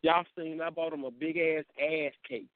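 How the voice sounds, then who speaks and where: A man hosting a casual morning chat show, telling animated stories, mimicking people and laughing a lot. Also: on the high side, moderate pace, no echo. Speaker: show host. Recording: tinny phone line.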